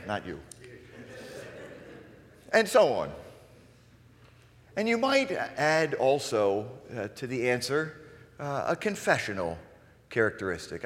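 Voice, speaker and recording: A man's voice: mid-range voice, a little slow, pauses often. A man preaching a sermon as pastor, acting out questions with shifting inflection and many fillers. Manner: lively, acts out questions with varied inflection. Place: church sanctuary. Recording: long church reverb.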